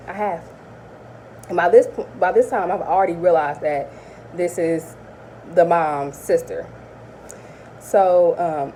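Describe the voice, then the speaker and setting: A young woman recounts a personal story casually, acting out every voice in it. Her voice sits low and warm, with a little background noise in the recording. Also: rough recording. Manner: animated, acts out both sides of conversations. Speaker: vlogger.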